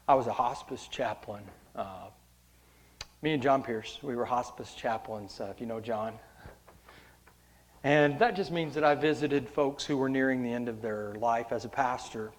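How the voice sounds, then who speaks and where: A man preaching a sermon as pastor, addressing the congregation directly and moving between hushed storytelling and loud, impassioned preaching. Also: mid-range voice, moderate pace, slight background noise.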